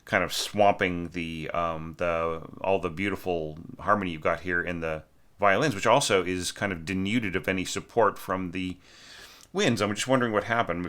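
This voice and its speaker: A man's voice: sits low, sharp tone. A man teaching orchestration, giving a rambling spoken critique full of fillers, restarts and tag questions. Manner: rambling, many fillers and restarts, frequent "right?".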